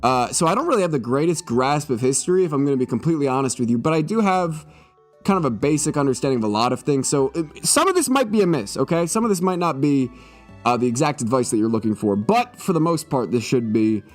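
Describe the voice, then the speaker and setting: Animated joking male streamer, slightly tipsy. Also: mid-range voice, brisk, soft background music. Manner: joking, swearing, mock-serious. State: a little tipsy. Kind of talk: comedic live-stream monologue.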